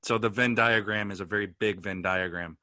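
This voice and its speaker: Brief: male co-host, bright edge, dry close sound, relaxed wry banter. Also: fairly low pitch, a little fast, no room sound. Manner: easygoing, wry, dry humor. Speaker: podcast co-host. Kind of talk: casual podcast chat.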